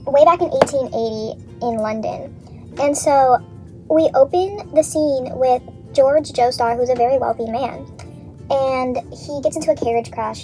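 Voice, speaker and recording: A young woman with a high voice rambles through a story she remembers, vlogger-style and casual. She swears often and leans heavily on "like."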